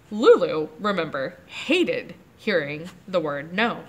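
Animated woman reading to kids. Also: mid-range voice, unhurried. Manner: animated, asks the kids questions about the pictures. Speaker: librarian leading children's story time. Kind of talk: reading a chapter book aloud to children.

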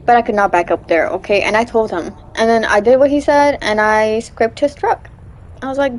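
A young woman streaming a game, telling chatty stories between loud, startled outbursts. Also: on the high side, moderate pace. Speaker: gaming streamer. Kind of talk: casual gameplay commentary.

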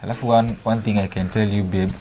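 A young Kenyan man, an expectant father, chatting excitedly and affectionately in a casual family vlog. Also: on the low side, fast, a crowd in the background. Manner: excited, affectionate, mixing English and Swahili. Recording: noisy home video.

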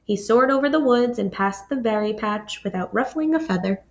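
A woman reading a children's picture book aloud with expressive delivery, pausing to ask her young listeners questions. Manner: expressive, asks listeners questions, raises pitch for characters' lines. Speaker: storybook reader. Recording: dull lo-fi audio.

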